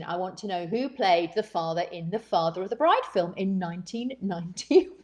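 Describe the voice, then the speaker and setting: A woman's voice: mid-range voice, sing-song, normal speed, few pauses. A woman co-hosting a live cocktail show, chatting casually and giggling often. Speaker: co-host of a cocktail livestream. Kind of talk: casual chat. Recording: echoey room.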